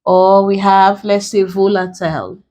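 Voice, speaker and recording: A woman leads an exam-prep lesson at a very slow pace. Her pitch sits in the middle. She talks in a deliberate way and spells out word endings letter by letter. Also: darkish tone. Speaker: English tutor.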